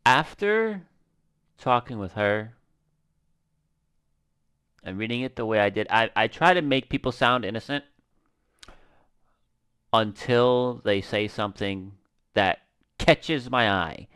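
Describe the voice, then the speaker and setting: A man giving casual gaming commentary, animated and slangy, swearing and talking to his viewers. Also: mid-range voice, slow, long pauses, clear, resonant tone. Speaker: gaming streamer.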